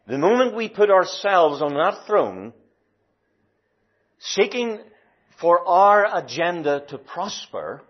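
A man preaching a sermon in a slow, deliberate and emphatic way, stretching key words. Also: a little high. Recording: dull lo-fi recording.

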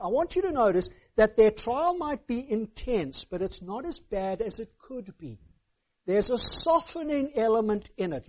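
A man's voice: very high voice, darkish tone. A man preaching a sermon, stressing words and checking in with "all right?". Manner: emphatic, asks the hearers "all right?" often.

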